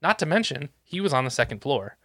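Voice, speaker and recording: A man's voice: on the high side, big pitch swings, fast, pushed and bright, no room sound, clean studio sound. A man telling a work story in casual chat, ranting and swearing with exasperation.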